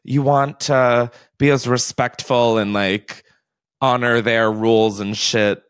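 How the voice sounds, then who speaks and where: A man hosts a podcast in loose, casual chat, talking in animated bursts and laughing often. His voice sits in an ordinary middle range. The sound is dry and close to the mic. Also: mid-range voice, takes it slowly, smooth, no room sound. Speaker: podcast host.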